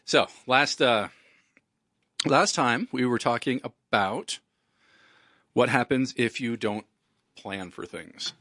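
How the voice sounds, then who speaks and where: A man's voice: fairly low pitch, bright, forceful tone, no room sound, studio quality. A man with hiccups hosting a radio talk show as an estate attorney, talking in a rambling, conversational way.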